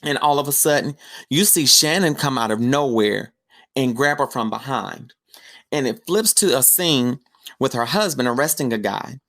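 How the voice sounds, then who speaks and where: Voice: medium pitch, expressive, normal speed, fairly bright tone. A podcast host giving a casual, chatty film review recap, telling the story with slangy asides.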